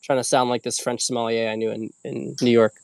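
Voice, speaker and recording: Male host, casual meandering delivery, middle pitch, dead dry room. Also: level tone, a little fast, creaky, clean tone, no room sound. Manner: rambling, casual, swears freely. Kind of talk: casual livestream talk.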